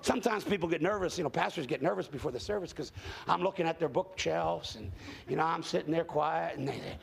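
A man preaching a sermon as a travelling evangelist to a church congregation, telling folksy stories with jokes and bursting into shouts. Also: fairly high pitch, quick pace, creaky, slight background noise.

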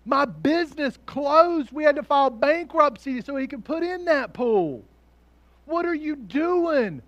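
Preacher doing a mad cheated guy yelling at jesus, high and loud. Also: lively intonation, a little slow, no echo, muffled recording, heavily acted. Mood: outraged. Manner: loud, outraged. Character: indignant man cheated by tax collector.

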